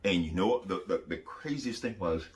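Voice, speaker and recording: A man's voice: sits low, expressive, a little fast, a little hiss or hum. A man giving a spoken religious testimony, telling his story emphatically and repeating phrases as he acts out the voices he quotes. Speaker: Christian testifier.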